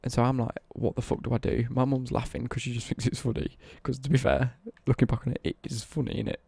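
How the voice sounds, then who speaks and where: A man's voice: mid-range voice, little pitch movement, fast, creaky, dark tone, husky, no echo. A young English man telling a rambling childhood story on a livestream, swearing freely and correcting himself mid-sentence.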